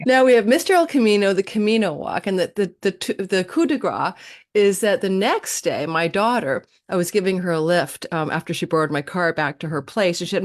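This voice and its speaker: A woman guest on a live online chat, telling a story in an animated way with uh and um fillers. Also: medium pitch, a little fast. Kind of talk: casual storytelling on a live stream.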